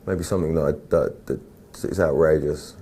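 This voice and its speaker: A young English man, an actor, answering interview questions in a slow, measured, laid-back way. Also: very deep voice, fairly even intonation, mellow, slight background noise. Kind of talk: casual interview.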